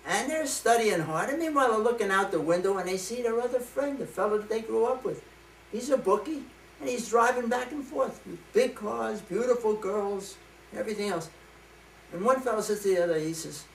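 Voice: medium pitch, fairly quick, gravelly, a little hiss or hum. A storyteller telling a joke to a group in a chatty way, checking in with the listeners, recorded from far off in a roomy space. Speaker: joke teller.

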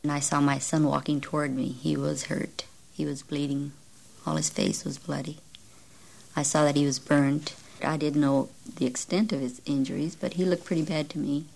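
A woman, a mother, giving quiet, subdued interview testimony. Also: low-pitched, level tone, normal speed, vocal fry, poor audio.

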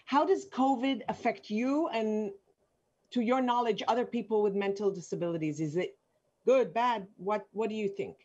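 A woman's voice: mid-range voice, normal speed, a little mellow, breathy edge, highs cut off. A woman moderating an online panel, asking questions in a friendly, encouraging way. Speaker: interviewer, session moderator.

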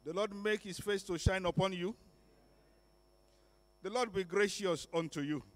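A man serving as minister pronounces a blessing over a congregation, his voice sitting unusually high for a man. He intones each phrase with unhurried, solemn weight, drawing the words out deliberately. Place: church service.

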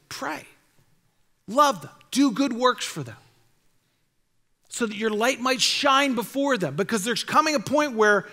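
High-voiced, bright exhorting pastor. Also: male voice. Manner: earnest, exhorting, repeats key phrases. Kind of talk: sermon. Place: church sanctuary. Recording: reverberant church hall.

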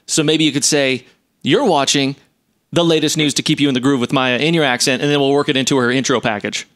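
A man's voice: mid-range voice, steady tone, fast talker, a bit bright. A man co-hosting an interview, jokey and enthusiastic. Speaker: co-host. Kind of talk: casual interview chat.

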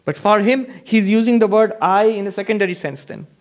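High-voiced man teaching at a retreat. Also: fairly quick. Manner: emphatic, repeats points, asks rhetorical questions. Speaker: monk teaching at a meditation retreat. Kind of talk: spiritual lecture. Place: retreat hall before an audience.

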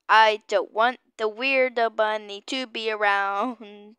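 A woman giving excitable, panicky game commentary, often repeating her exclamations. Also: medium pitch, slow, hardly any pauses, smooth, dry recording, clean studio sound. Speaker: gamer.

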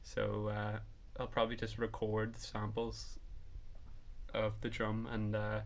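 Low, flat-voiced man explaining casually. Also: slow pace. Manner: hesitant, casual with many fillers. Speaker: video host. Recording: faint background noise.

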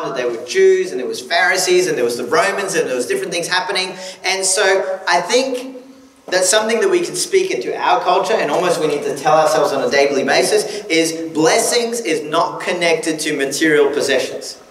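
A man's voice: fairly high pitch, moderate pace, a bit bright, reverberant, long reverb tail, far from the mic, a little hiss or hum, rough recording. A man preaching a sermon as a guest speaker, conversational and joking, often restarting his sentences. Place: church hall.

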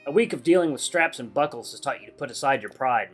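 A man narrating a visual novel aloud in the second person, in a lively, expressive way. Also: mid-range voice, fast, soft background music. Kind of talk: game read-aloud narration.

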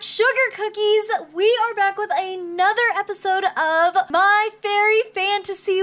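Bubbly high-pitched woman narrating gameplay. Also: a bit bright. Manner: bubbly, gasping, exclamatory. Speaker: game story narrator. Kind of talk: casual game commentary.

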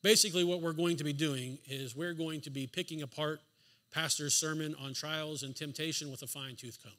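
Forceful, bright-voiced male preacher. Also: on the high side, fairly even intonation, a little fast. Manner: emphatic, rhetorical questions; dry sarcastic asides. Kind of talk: sermon. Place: church sanctuary.

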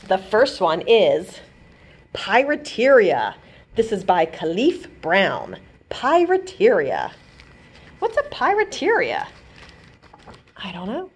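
A woman librarian hosting a bedtime storytime for children, reading a rhyming picture book aloud in an animated, sing-song way. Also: mid-range voice, slightly rough.

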